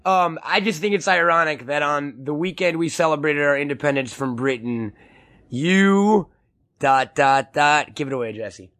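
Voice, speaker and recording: A man's voice: fairly high pitch, measured pace, fairly bright tone. A man co-hosting a podcast, joking around in a crude, rambling way with lots of restarts. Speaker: podcast co-host. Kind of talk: casual podcast chat.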